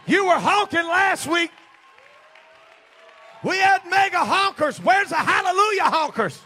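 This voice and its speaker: A man preaching a revival sermon, shouting and exhorting his congregation to praise. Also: very high-pitched, animated, measured pace, a faint crowd. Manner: shouting, call-and-response exhortation.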